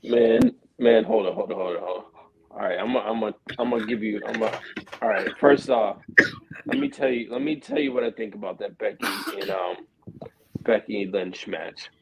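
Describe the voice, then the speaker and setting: Gravelly, opinionated man chatting. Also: on the low side, normal speed, over a noisy crowd, rough recording. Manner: opinionated, animated. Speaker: podcast co-host. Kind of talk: casual chat.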